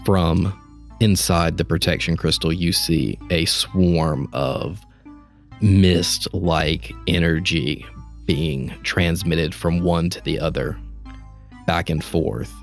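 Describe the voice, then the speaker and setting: Deep-voiced man running a tabletop game. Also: steady tone, creaky, soft background music. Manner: unhurried, descriptive, with frequent "uh" pauses. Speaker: game master.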